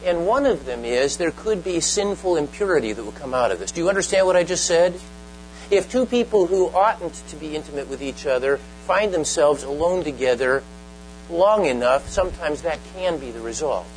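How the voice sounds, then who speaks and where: An earnest man preaching a sermon, his voice sitting a touch higher than most men's. He drives his points home with emphasis and keeps checking in with the congregation through pointed questions. Faint music plays underneath him. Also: low-quality recording. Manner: earnest, emphatic, often asks the listeners direct questions. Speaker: pastor.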